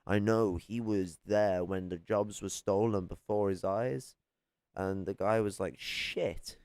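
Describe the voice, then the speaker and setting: A man's voice: fairly low pitch, fairly even intonation, measured pace, mellow, clean tone. A man streaming casually, reacting to a clip, rambling with frequent restarts and swearing freely. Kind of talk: casual profane chat.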